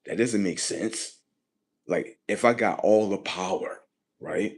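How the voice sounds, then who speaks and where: A man with a very low voice and a husky, grainy edge talks casually to his livestream. He rambles and repeats himself, swears often, and shifts between low muttering and louder, punchier bursts. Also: slow. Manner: rambling, repetitive and profane, drifting between muttering and loud emphasis. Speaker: livestream host.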